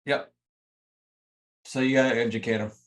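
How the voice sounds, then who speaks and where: A man's voice: mid-range voice, steady tone, normal speed. A man coaching a group over a video call, talking emphatically and straight to his students. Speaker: real estate coach.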